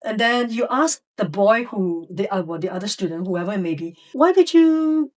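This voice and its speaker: Animated woman educator, a little off mic. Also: mid-range voice, a little fast, far from the mic. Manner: animated storytelling, acting out classroom voices. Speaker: educator guest. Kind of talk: podcast interview.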